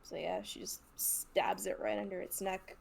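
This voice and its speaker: A woman playing a tabletop game, excitable and quick to laugh, thinking out loud with many restarts. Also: medium pitch, vocal fry, slight background noise. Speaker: player.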